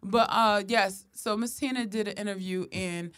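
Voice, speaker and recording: A woman's voice: medium pitch, fairly even intonation, moderate pace, a bit bright. Laughing, slangy woman podcast co-host. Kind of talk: casual chat.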